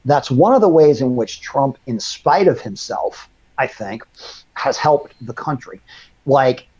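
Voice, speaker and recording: A man's voice: mid-range voice, animated, measured pace, a little mellow, husky. A man from Louisiana hosting a casual political chat, rambling and wry as he tells stories. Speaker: host. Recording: dull lo-fi stream audio.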